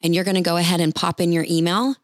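A woman's voice: lowish voice, fairly even intonation, fast talker, dry recording. A woman ministry leader giving an encouraging talk with prayer, earnest and chatty, speaking straight to the listeners.

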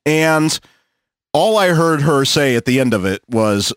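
A man in his thirties telling a crude anecdote on a podcast, laid-back and laughing. His pitch swings widely, and his voice sits a little high for a man. The sound is dry and close. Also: expressive, measured pace, a bit bright, clean tone, no echo. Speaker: podcast host and rideshare driver. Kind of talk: casual storytelling chat.

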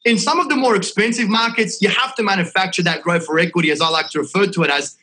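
An Australian man talking as a podcast guest, energetic and salesy, dropping "mate" and "right?" all through his talk. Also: high voice, poor audio. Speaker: real estate investment company owner, podcast guest. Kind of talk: casual podcast chat.

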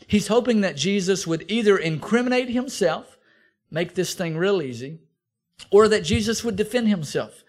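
A man's voice: high voice, animated, normal speed. A male pastor preaching a verse-by-verse sermon, animatedly acting out the biblical figures in the story. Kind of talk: expository sermon.

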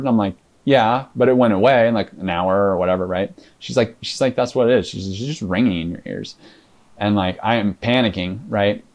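A man being interviewed, recounting his experience haltingly with many fillers and restarts and acting out past conversations. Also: lowish voice, a little mellow. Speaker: interview guest. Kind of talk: casual storytelling interview.

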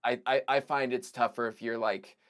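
A man's voice: medium pitch, fairly even intonation, moderate pace, a bit bright. Rambling man, casual podcast guest. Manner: rambling, full of "like" and restarts. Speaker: podcast guest, filmmaker and comedic actor. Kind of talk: casual conversation.

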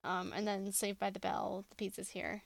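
A woman's voice: mid-range voice, moderate pace, creaky, no echo. A woman co-hosting a podcast, casually recapping an episode and retelling scenes with quoted lines. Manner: animated retelling, quoting lines with laughs. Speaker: podcast co-host.

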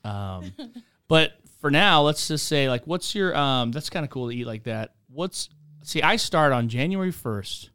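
A middle-aged man hosting a relaxed chat as a pastor, his voice smooth and clean. He jokes around and tells lively stories, and the sound is close and dry with no room behind it. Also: mid-range voice, measured pace, dry recording. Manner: joking, animated storyteller. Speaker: pastor and podcast host. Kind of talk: casual chat.

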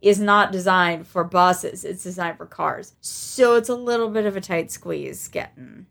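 A woman's voice: on the low side, a little slow, gravelly, fairly bright tone. A woman playing a tabletop role-playing game, talking in a chatty, playful way with fillers and self-corrections. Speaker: player.

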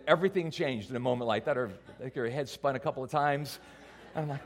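A man preaching a sermon to a church congregation, telling a personal story in an animated, self-mocking way. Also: a little high, fast talker. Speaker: pastor.

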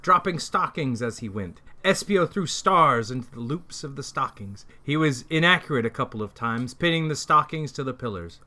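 A man's voice: mid-range voice, expressive, normal speed, hardly any pauses, pushed and bright. A man reading a fan story aloud casually, at times stopping to correct himself. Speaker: reader.

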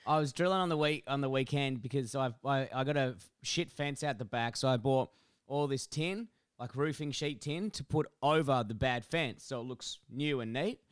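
A man's voice: mid-range voice, moderate pace, clear, resonant tone, no echo, studio quality. A man co-hosting a casual podcast, telling stories with lots of swearing. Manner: animated storyteller, swears freely. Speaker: podcast co-host.

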